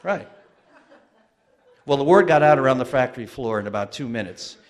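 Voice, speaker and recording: A man's voice: mid-range voice, expressive, moderate pace. A man in his fifties telling a wry, self-deprecating personal story on stage. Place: museum stage.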